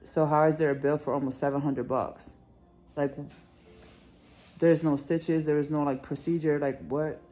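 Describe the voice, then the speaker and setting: A woman dog vlogger chatting casually, coaxing her dog in a soft voice and telling the story in lively slang. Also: low-pitched, normal speed, long pauses, soft background music. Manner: animated, swearing slang. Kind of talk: casual vlog chat.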